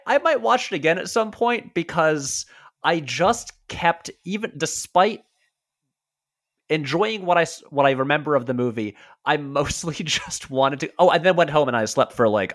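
A man's voice: on the high side, expressive, measured pace, a bit bright. A man guesting on a film podcast, telling a story in a hesitant, rambling, self-amused way. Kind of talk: casual anecdote.

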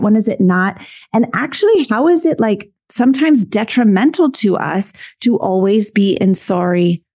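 A woman hosts a podcast in an eager, gushing voice at a mid pitch. The sound is dry and close to the mic. She warmly praises her guest and leads the questions. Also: dry recording. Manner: enthusiastic, gushing. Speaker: podcast host. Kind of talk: casual podcast interview.

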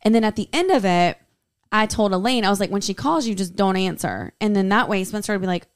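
A woman co-hosting a podcast, telling a story in an animated way with frequent laughs. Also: medium pitch, quick pace, clear, resonant tone, dry recording, clean studio sound. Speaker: podcast co-host. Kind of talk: casual chat.

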